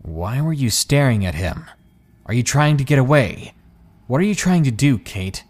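A man's voice: lowish voice, animated, unhurried. A man playing an obsessive, menacing young man. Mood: angry. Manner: creepy, intense, shifting from angry to soft.

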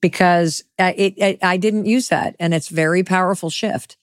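A woman hosts an interview and talks candidly about her own life. Her voice sits a bit low, and the sound is dry and close to the mic. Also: fairly even intonation, moderate pace, no echo. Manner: candid, reacting, shares personal stories. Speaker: interview host. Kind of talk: interview conversation.

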